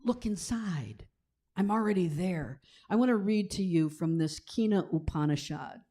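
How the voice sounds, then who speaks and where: Mellow-voiced woman preaching a sermon. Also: on the low side, animated. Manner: conversational, checks in with "right?"; drops to a slow hushed tone for scripture passages. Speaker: minister. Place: church sanctuary.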